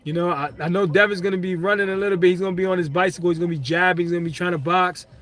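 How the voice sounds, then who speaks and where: A young man from Brooklyn, hosting a casual live stream, chatting with viewers, slangy and quick to laugh. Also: sits high. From Brooklyn, New York. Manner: excitable, laughs often, slangy, talks to chat. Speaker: livestream host. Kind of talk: casual live stream chat, reading comments.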